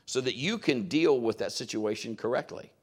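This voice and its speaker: A man's voice: mid-range voice, normal speed, slightly rough. A man preaching a sermon in a conversational style, telling a story and acting out what others said. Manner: conversational, acts out quoted voices.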